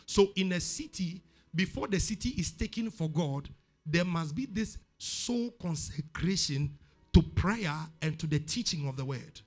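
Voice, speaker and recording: Ghanaian pastor, high bright voice, emphatic repetitive preaching, soft music under. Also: male voice, expressive, unhurried. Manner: emphatic preaching, repeats words for stress. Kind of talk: sermon.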